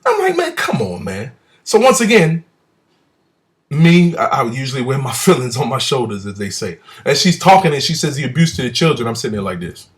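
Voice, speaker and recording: A man telling a personal story about a church visit at home, acting out the people he quotes with big swings between loud and soft. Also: medium pitch, sing-song, brisk. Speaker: speaker recounting a church visit. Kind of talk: animated personal testimony.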